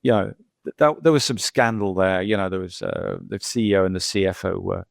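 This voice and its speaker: A man's voice: deep voice, steady tone, brisk, creaky, dry recording. A middle-aged male geologist talking casually as a podcast guest, rambling through anecdotes with lots of repeats and "you know".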